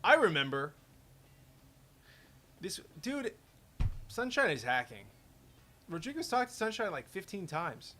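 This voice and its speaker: Chatty, lively game developer man. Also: sits high, a little slow, pauses often, a little hiss or hum. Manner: rambling, chatty, self-interrupting. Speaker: game developer playing his own game. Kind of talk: casual gameplay commentary.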